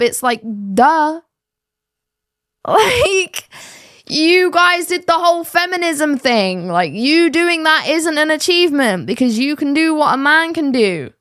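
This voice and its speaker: A woman's voice: high-pitched, sing-song, normal speed, fairly bright tone, dry recording, clean studio sound. A woman hosting a reaction channel, giving blunt, sarcastic casual commentary. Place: home studio set.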